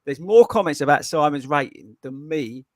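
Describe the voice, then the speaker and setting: Bloke hosting a running podcast, high voice, all over the place, chatty and laughing. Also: male voice, moderate pace, dry recording, clean studio sound. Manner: animated, laughing storyteller. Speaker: podcast host. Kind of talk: casual chat.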